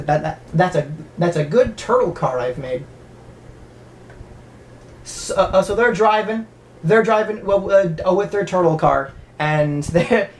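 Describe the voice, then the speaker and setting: A woman's voice: mid-range voice, slight background noise. Rambling, swearing woman recapping a movie. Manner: rambling, stammering, profane. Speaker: movie reviewer.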